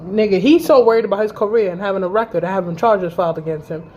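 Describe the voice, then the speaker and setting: Brief: woman in her thirties, mid-pitched, heated profane storytime vlogger. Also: fast talker, warm tone, lo-fi sound, a little hiss or hum. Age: 30s. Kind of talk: storytime vlog.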